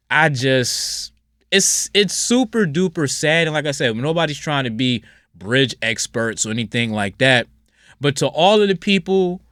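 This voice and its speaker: A man hosting a solo podcast in a casual, blunt and rambling way, moving between loud outbursts and low mutters. His voice has a forceful, bright tone. The recording is close and dry, with no room echo. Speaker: podcast host.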